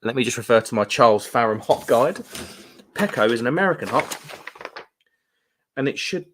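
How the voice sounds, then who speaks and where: A man with a British accent hosting a casual live stream, chatty and rambling, with quick laughs and slangy asides. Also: mid-range voice, expressive, noisy background. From United Kingdom. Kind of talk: casual live stream chat, reading viewer comments. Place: room at home.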